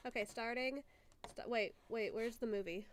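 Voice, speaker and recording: A woman's voice: a little high, normal speed, a little hiss or hum. Congested, chatty woman streamer. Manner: chatty, giggly, crude jokes. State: sick and congested. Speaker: streamer hosting a movie watchalong. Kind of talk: casual livestream chat.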